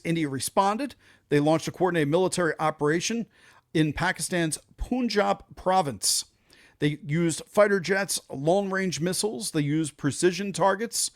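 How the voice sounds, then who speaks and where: Emphatic, fairly high-voiced male host. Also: dry recording, studio quality. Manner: conversational, emphatic, loose with fillers. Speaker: show host. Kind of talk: casual opinion commentary.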